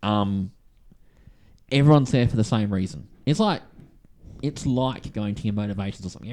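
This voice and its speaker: Mellow-voiced Australian man telling stories. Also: fairly low pitch. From Western Australia. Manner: rambling storyteller, acts out quoted voices. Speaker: podcast co-host. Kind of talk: casual chat.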